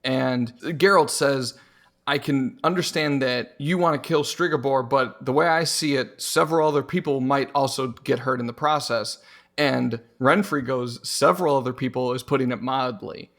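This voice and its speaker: A man's voice: mid-range voice, moderate pace. A man co-hosting a podcast, casually discussing a book and acting out lines from it as he retells it. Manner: animated retelling, acts out quotes. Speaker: podcast co-host.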